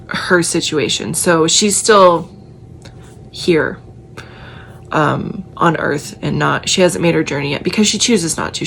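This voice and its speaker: A woman's voice: low-pitched, a little hiss or hum. An American woman who works as a psychic medium, recapping her day in a chatty, emotional vlog.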